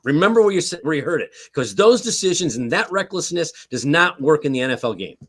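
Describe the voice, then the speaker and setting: Fast and sing-song, with a voice on the high side, this older former team staffer argues football hotly as a guest analyst on a streamed show, calling in online. He hammers his points again and again and caps them with "okay?".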